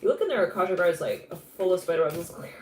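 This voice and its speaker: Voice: medium pitch, lively intonation, fast talker, a little mellow, soft background music. A tarot reader giving a live intuitive reading in a chatty, rambling way, laughing often and restarting thoughts. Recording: roomy echo with faint background noise.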